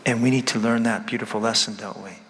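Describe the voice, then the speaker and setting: A man's voice: medium pitch, fairly even intonation, quick pace, a bit bright, long reverb tail. A man giving a sermon as a priest, emphatic, repeating key words and asking the congregation rhetorical questions.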